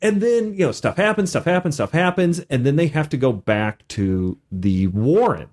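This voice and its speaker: A man with a high voice tells game stories in casual podcast chat. His pitch swoops all over as he acts out his players in an animated way. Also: normal speed. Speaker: podcast host and game master.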